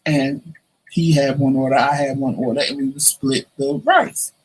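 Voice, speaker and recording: A man's voice: medium pitch, moderate pace, breathy edge, low-quality recording. A man telling a personal story to the camera in a casual, chatty way, acting out the voices of the people in it. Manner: chatty, animated, acts out quoted voices. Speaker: vlogger.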